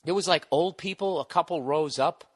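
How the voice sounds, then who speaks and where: A man telling a comic story as a podcast guest, animated, blunt and full of swearing. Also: on the high side, normal speed.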